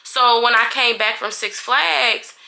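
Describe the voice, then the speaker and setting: A young adult woman vlogger telling a heated story in a casual, animated, profane way. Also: fairly high pitch, unhurried, vocal fry. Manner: animated, profane, acts out everyone's lines.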